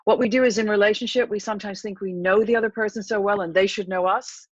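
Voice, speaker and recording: Speaking fast in a steady, mid-range voice, an English therapist guest answers interview questions and leads a breathing demo. She coaches confidently and instructively at a warm pace, over dry, dull, lo-fi remote audio with no echo.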